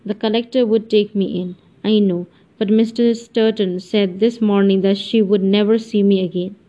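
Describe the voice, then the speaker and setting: A woman's voice: medium pitch, steady tone, normal speed, warm tone, natural voice. A woman reading as a reserved young Englishwoman. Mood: earnest.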